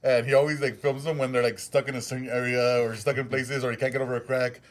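A man's voice: medium pitch, little pitch movement, fast talker. A man, joking and laughing often in casual podcast chat. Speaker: podcast co-host.

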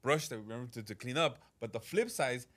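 A man chatting on a podcast, telling a story and acting out what people said. He swears freely and laughs often, with a voice of ordinary pitch for a man. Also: expressive, quick pace, fairly bright tone. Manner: swears freely, tells stories with acted-out quotes. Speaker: podcast co-host. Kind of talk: casual podcast chat.

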